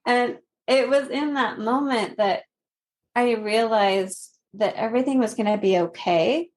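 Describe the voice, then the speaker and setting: Slow earnest woman guest. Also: on the high side. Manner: slow, earnest, laughing softly between phrases. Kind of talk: personal story in a podcast interview.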